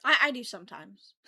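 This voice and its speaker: High, bright, giggly woman co-host. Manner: giggly, agreeable, quick backing replies. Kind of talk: casual chat.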